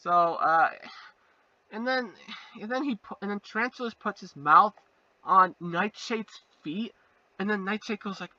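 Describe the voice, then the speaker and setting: A young man giving a sarcastic comedic review, animated, jumping into silly voices. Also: high-pitched, unhurried, no echo, recorded from a distance. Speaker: video reviewer. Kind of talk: comedic fake review monologue. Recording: muffled voice, a bit off-mic.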